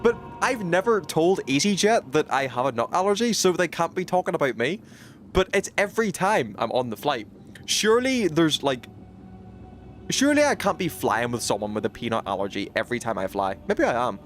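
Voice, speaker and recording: A man's voice: a little high, very animated, fairly quick, soft background music. A British man streaming a game, chatting casually with his viewers in a rambling way, full of fillers and restarts. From United Kingdom. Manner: rambling, many fillers and restarts, reacts to chat.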